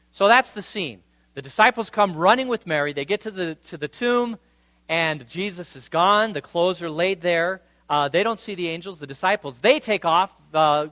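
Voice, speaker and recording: A man's voice: high-pitched, lively intonation, normal speed, a bit bright, dry recording. A man preaching a sermon, reading scripture and retelling it in a casual, conversational way. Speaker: pastor.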